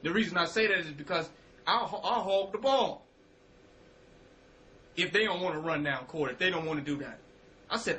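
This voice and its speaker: A man giving a motivational spiritual talk in casual slang. He quotes himself, repeats phrases and swings between loud and hushed lines. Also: a little high, normal speed, pauses often, low-quality recording. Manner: casual street slang, curses.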